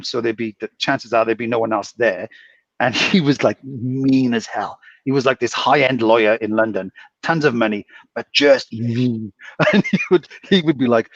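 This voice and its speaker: A man, a casino dealer, rambling through anecdotes and often clearing his throat. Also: mid-range voice, no echo, muffled recording. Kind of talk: casual chat.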